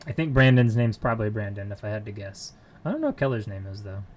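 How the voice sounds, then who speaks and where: A man's voice: on the low side, very animated, fast talker, darkish tone, slight background noise. A man on a casual live stream, muttering code aloud to himself while he works and chatting with viewers from a home computer room.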